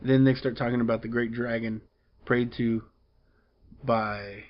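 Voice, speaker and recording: A man's voice: mid-range voice, steady tone, a little slow, muffled recording. A man casually recapping a comic book story, rambling along with lots of fillers and restarts.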